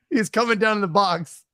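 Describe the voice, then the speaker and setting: An excitable male podcast co-host with a notably high voice, laughing his way through stories. The recording is dry and close. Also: unhurried, dry recording. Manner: laughs often, excitable storyteller. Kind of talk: casual podcast chat.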